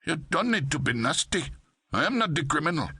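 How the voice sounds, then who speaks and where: A self-assured male shop clerk speaks in a heavy, sing-song Pakistani accent, voiced by a man in an audiobook. His voice sits well above the narrator's own, bright and forceful. The delivery is unbothered and polite. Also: fairly high pitch, very animated, brisk, husky, dry recording, clean studio sound, pitched above the performer's own voice, heavily acted. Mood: insistent. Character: tall thin male store clerk, calm and self-assured.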